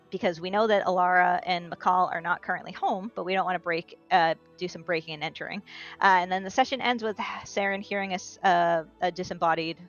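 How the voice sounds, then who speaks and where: A woman's voice: fairly low pitch, fairly bright tone. Chatty woman recapping a tabletop session. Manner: chatty, self-correcting storytelling. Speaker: player giving a session recap. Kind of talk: casual recap of a tabletop game. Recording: dull lo-fi recording with faint music.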